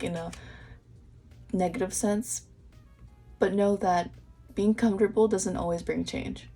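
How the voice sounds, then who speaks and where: Speaking straight to the viewer, a young tarot reader offers a pick-a-card reading with earnest encouragement. She often repeats herself and restarts her sentences, in a mellow, mid-range voice.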